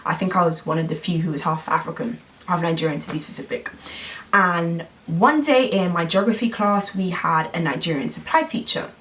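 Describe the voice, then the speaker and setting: A woman, telling an animated story to camera in a vlog. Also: fairly low pitch, moderate pace, distant mic. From London, England. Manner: animated, acts out quoted voices. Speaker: vlogger.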